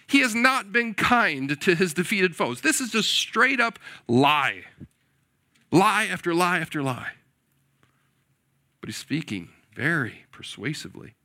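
Animated man preaching a sermon. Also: high-pitched, a little slow. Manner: animated, asks the audience questions, often says "right?". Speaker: pastor.

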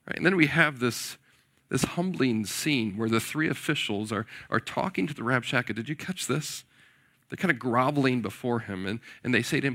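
A man in his forties, a pastor preaching a sermon in an animated way, often putting questions to his listeners. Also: mid-range voice, moderate pace. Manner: animated, asks the audience questions, often says "right?".

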